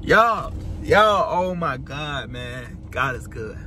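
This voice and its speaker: A man vlogging casually from inside a car, excited and repeating himself as he teases an announcement to his viewers. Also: a little high, slow. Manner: excited, repetitive, keeps teasing an announcement. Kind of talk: casual vlog to camera. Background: faint car noise.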